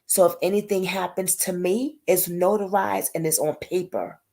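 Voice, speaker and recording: A woman's voice: fairly low pitch, steady tone, normal speed, vocal fry, dark tone. A woman hosting a casual livestream chat, talking emotionally and in a rambling way, greeting viewers by name. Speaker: livestream host.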